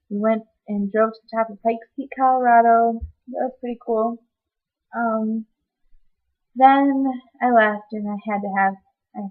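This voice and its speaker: A young woman giving a casual personal update vlog, chatty and rambling, with many ums. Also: fairly high pitch. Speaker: vlogger. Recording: slightly dull lo-fi webcam audio.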